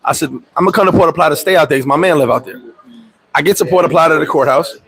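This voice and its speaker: His voice on the high side and his pace quick, a vlogger living in the Dominican Republic spins a profane, lively story on his livestream. He swears often and impersonates the people in it, all captured in a low-quality recording.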